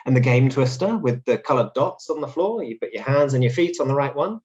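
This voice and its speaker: A man hosts a lesson, explaining words clearly and cheerfully. His voice rises and falls in a very lively way. The recording sounds a little dull and lo-fi. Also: mid-range voice, a little fast. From London. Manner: clear, explanatory, upbeat teaching tone. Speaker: English teacher host. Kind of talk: English vocabulary lesson.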